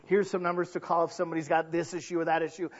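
A man preaching a sermon as pastor, dramatic, dropping soft then bursting into shouts. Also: on the high side, little pitch movement, rapid-fire, muffled recording.

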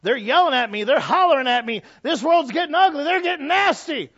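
A man acting out a hot-headed man who shouts and frets about looking weak, in a loud, strained, high-pitched voice. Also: lively intonation, a little fast, no room sound, muffled recording. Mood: agitated.

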